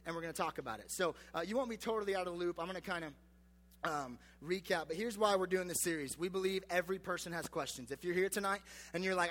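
Bright-voiced joking young man preaching. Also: high voice, fast talker, in a large hall. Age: 20s. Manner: chatty, joking, self-deprecating, many fillers. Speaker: youth pastor. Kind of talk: casual youth sermon.

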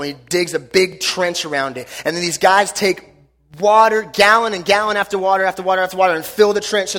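Pastor guy, high voice, goofy animated sermon storytelling, echoey big hall.

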